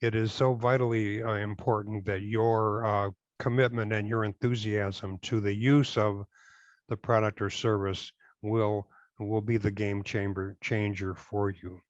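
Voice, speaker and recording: An older man with a low voice answers interview questions as a compliance consultant. He talks in a measured, halting way, full of fillers and restarts. The recording is dry and close but slightly dull and lo-fi. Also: little pitch movement, no echo. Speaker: direct selling compliance consultant.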